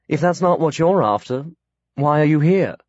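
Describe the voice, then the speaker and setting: A man doing a curt, aloof older gentlewoman. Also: on the high side, lively intonation, moderate pace, dry recording, pitched above the performer's own voice, natural voice. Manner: clipped, drops subjects from sentences. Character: brusque upper-class older Englishwoman, aloof. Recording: dry, slightly dull audiobook recording.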